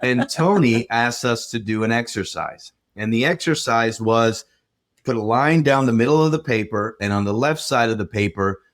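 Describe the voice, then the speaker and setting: A man co-hosting a relationship podcast, recounting a personal story in a steady, measured way. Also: medium pitch. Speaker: relationship coach and podcast co-host.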